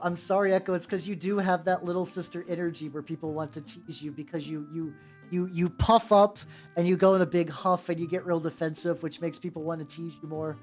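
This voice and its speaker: A woman's voice: low-pitched, darkish tone. A young woman from the United States chatting casually on a livestream while painting miniatures, rambling with many restarts, fillers and casual swearing. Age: young adult. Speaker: VTuber streamer painting miniatures. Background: faint background music.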